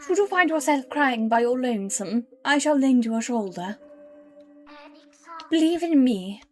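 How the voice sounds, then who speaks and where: A woman voicing a kind, mysterious lady spirit who speaks in gentle, old-fashioned phrases, over faint music. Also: sits high, expressive, measured pace. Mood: tender.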